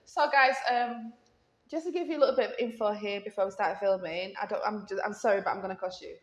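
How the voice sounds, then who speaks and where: A woman's voice: mid-range voice, fast talker, muffled recording. A woman with a Yorkshire accent from Leeds, hosting a casual interview in a playful, teasing way. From Leeds, West Yorkshire, England. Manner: teasing, playful, laughs often. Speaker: host. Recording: echoey room.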